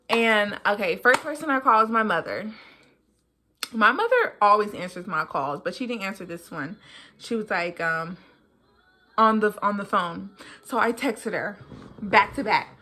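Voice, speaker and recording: Bright-voiced young woman telling a story. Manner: animated, jumps high in pitch when acting out what people said. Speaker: vlogger. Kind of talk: casual storytelling.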